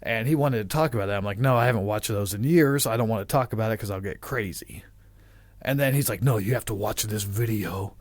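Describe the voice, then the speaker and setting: A man's voice: fairly low pitch, brisk, no room sound. Male podcast host, Midwestern American accent, rambling and swearing, dry close sound. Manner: rambling, swearing, animated storytelling. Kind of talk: casual chat.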